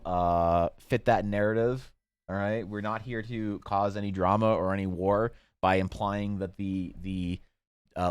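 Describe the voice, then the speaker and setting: A man streaming while he draws, chatting casually with his viewers in a jokey, mock-outraged way, with sudden loud bursts. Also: on the low side, clean tone, dry recording. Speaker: artist streaming while drawing. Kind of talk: casual livestream chat to viewers.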